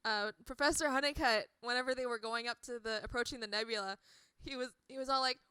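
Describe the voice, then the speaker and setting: A woman's voice: a little high, fairly even intonation, fast talker, bright, forceful tone, clear, resonant tone, no echo. A young woman co-hosting a fan podcast in casual chat, giggly and hesitant, with many "uh" and "um" fillers. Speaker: podcast co-host.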